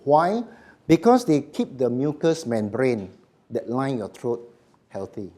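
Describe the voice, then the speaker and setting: A man's voice: medium pitch, animated, normal speed, mellow. A middle-aged man giving a live voice workshop in short, emphatic phrases, often checking in with the audience. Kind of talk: live seminar lecture.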